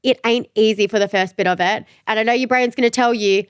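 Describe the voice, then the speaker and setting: A woman's voice: fairly high pitch, fast talker, clean tone, no echo, clean studio sound. A woman co-hosting a podcast in casual chat, teasing and laughing often. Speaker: podcast co-host.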